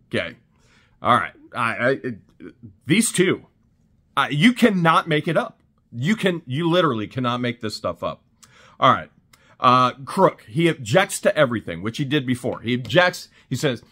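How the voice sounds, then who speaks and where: A man's voice: mid-range voice, big pitch swings, normal speed, pushed and bright. A man recapping events in a casual vlog, telling the story animatedly with laughs and exclamations. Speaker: channel host.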